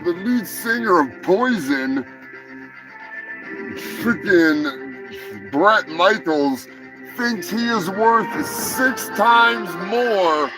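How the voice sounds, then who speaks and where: A man hosts a crude comedic news show, rambling through stories with plenty of cursing. His voice is bright and lively, swinging widely in pitch. He sounds loose and mock-gruff. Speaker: host.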